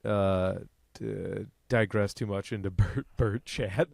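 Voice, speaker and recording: A man's voice: on the low side, fairly even intonation, slow, gravelly, a little mellow, no echo, studio quality. A man co-hosting a comedy podcast, trading profane jokes and laughing often in casual banter. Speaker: podcast co-host.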